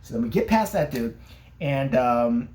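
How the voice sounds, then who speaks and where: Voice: mid-range voice, animated, unhurried, a little mellow. A vlogger ranting and telling a story casually, sarcastic and full of profanity.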